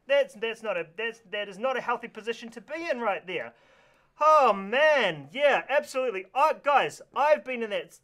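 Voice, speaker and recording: A man presenting a live kids' lesson from New Zealand with a New Zealand accent, excitable and full of exaggerated reactions. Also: very high voice. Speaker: kids show presenter. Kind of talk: energetic live kids lesson. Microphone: live stream mic.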